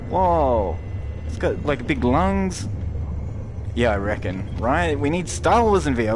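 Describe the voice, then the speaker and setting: Excitable man streaming games. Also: fairly high pitch, slow pace, background noise. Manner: excitable, rambling, swears freely, jumps to loud outbursts. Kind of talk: live gameplay commentary talking to chat.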